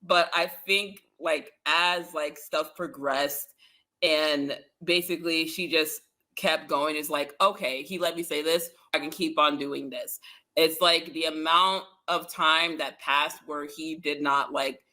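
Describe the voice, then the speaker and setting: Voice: medium pitch, fairly even intonation, unhurried, sharp tone. A podcast co-host in a casual TV recap chat, talking in long runs packed with "like" and sounding exasperated. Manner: talkative, many "like" fillers, exasperated.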